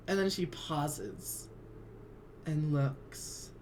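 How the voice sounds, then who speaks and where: A woman's voice: lowish voice, extremely slow, a little hiss or hum. A woman narrating a tabletop game as game master, hedging her words and laughing often.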